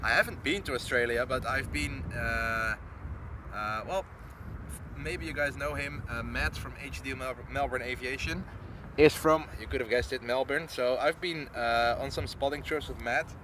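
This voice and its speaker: A Dutch man hosting a live plane-spotting stream outdoors at an airport, chatting casually, reading out chat messages and getting excited as planes land. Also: mid-range voice, moderate pace. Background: clear outdoor traffic and urban noise.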